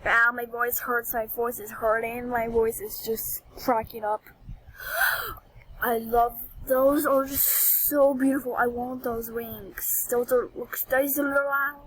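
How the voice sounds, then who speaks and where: Woman vlogger, high voice, unhurried delivery; theatrical, excitable gameplay commentary. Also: slightly rough, poor audio. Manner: dramatic, squeals and whines over items. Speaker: gaming vlogger.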